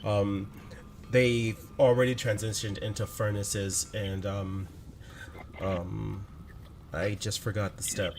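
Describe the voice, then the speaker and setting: A man narrating as game master of a tabletop game, relaxed and loose, with filler words. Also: on the low side, slow, slight background noise.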